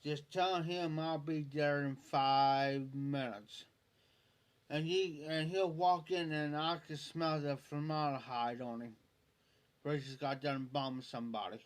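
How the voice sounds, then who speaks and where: This live-stream host has a voice on the high side, with fairly even intonation and a measured pace. His casual storytelling wanders as he recounts something personal, circling back over the same points and quoting others.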